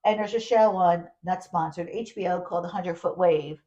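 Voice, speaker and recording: A woman co-hosting a podcast, telling a travel story in casual chat, animated and full of restarts. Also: on the low side, moderate pace, lo-fi sound. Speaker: podcast co-host.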